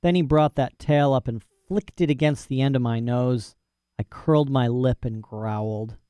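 A man's voice: mid-range voice, moderate pace, mellow, smooth, no room sound. A man narrating a story in first person with a folksy, boastful manner and rural dialect grammar. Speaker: audiobook narrator.

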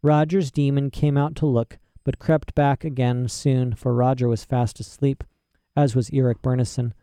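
An audiobook narrator, male, reads a storybook in a steady, expressive way at a medium pitch and moderate pace. The recording is dry, with clean studio sound.

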